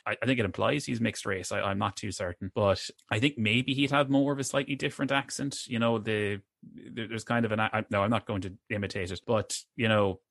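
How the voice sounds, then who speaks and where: A man's voice: fairly low pitch, steady tone, a little fast, vocal fry, fairly bright tone, no echo, clean studio sound. A man co-hosting a film review podcast, talking casually with many hesitant restarts. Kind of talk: casual chat.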